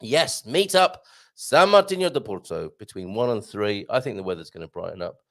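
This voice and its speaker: A man's voice: lowish voice, expressive, a little fast. A man hosting a live show from a small studio, reading out listener messages in a chatty, rambling way with jokey asides. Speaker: radio show host.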